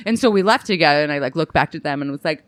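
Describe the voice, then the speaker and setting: Lively woman comedian telling a story. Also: low-pitched, rapid-fire, no echo. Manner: animated, laughing, swearing, lots of "like". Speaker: comedian, podcast guest. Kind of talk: casual chat, storytelling.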